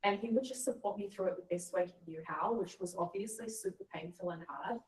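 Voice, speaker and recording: A woman's voice: lowish voice, brisk, darkish tone, recorded from a distance. A woman telling a personal story in a casual chat, earnest and reflective. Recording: echoey room, voice a bit off-mic.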